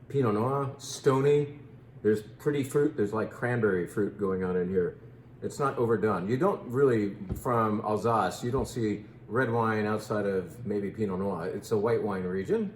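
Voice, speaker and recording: A man's voice: lowish voice, a little mellow, reverberant, slight background noise. A man in his fifties hosting a casual wine tasting, chatting playfully and joking about how to pronounce names. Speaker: wine shop host.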